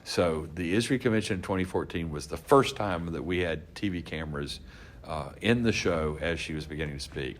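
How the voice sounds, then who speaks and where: Casting: man with a deep voice, relaxed anecdotal storyteller, podcast guest recounting event stories. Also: fairly quick, slight background noise. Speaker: guest, convention organizer. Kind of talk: casual storytelling interview.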